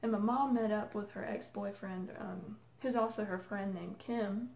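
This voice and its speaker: Excitable woman vlogger, echoey room. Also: mid-range voice, normal speed, creaky. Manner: excited, rambling, full of "like" and "oh my God". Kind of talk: casual storytelling to camera.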